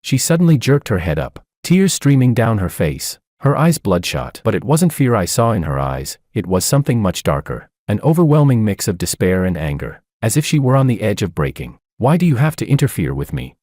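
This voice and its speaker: Man, story narrator, deep low voice, lively pitch, steady dramatic delivery, dry close recording. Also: normal speed, hardly any pauses, no echo. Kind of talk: scripted first-person story narration.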